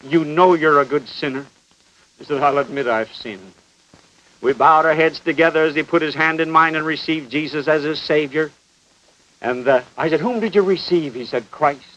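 High-voiced fiery preacher on an old broadcast. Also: male voice, fairly even intonation, normal speed. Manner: emphatic, swooping from loud exhortation to hushed pleading. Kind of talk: fiery sermon. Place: broadcast studio. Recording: dull lo-fi 1950 broadcast with faint hiss.

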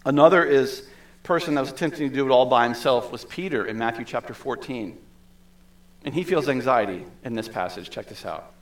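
A man's voice: medium pitch, a little fast. A male pastor preaching a sermon in a conversational way, with asides and the odd laugh.

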